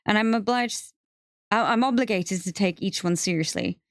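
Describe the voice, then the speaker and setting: A woman voicing a brisk female executive who speaks in a clipped, businesslike way, cool and faintly amused. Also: mid-range voice, no echo, clean studio sound, voice pushed up, close to an everyday voice.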